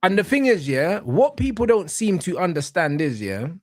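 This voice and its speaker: A man ranting about football in heavy slang on a casual podcast. His voice sits high and leaps all over the place. The sound is dry and close. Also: moderate pace, no echo. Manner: animated, slangy and swearing, ranting. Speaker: podcast host.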